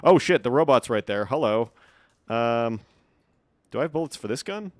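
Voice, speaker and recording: Wry male streamer, lively pitch. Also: normal speed, no echo. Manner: casual, wry, swears when startled. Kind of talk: live gameplay commentary.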